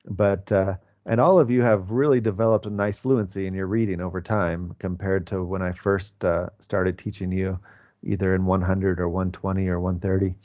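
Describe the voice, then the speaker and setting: Male English teacher, 40s, low and patient, speaking over a muffled video call. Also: flat delivery, moderate pace. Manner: patient, explanatory, many fillers. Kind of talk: online class teaching.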